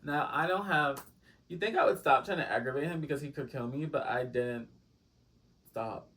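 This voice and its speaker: A man's voice: on the high side, moderate pace, fairly bright tone, recorded from a distance. A man telling a storytime vlog, rambling with lots of fillers and dramatic asides to his viewers. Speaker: storytime vlogger. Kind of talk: casual storytime chat.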